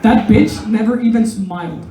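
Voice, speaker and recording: A woman's voice: on the high side, normal speed, dark tone, echoey room, a faint crowd, low-quality recording. A woman comedian performing a stand-up set at a pub comedy night, talking casually and profanely and laughing at her own jokes.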